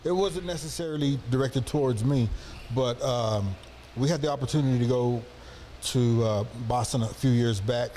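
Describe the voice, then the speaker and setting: A man from Texas telling a rambling, relaxed anecdote on a podcast. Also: medium pitch, moderate pace, a little hiss or hum. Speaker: podcast co-host. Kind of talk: casual storytelling.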